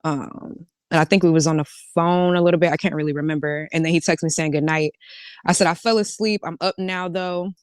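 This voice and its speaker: A woman with a smooth, clear voice casually walks through a string of text messages, narrating each side with "he said, I said." The sound is close and dry, with no room around her. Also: sits low, a little fast, no room sound. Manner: relaxed, reads messages aloud with "he said, I said". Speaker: storyteller reading out text messages. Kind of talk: casual recounting.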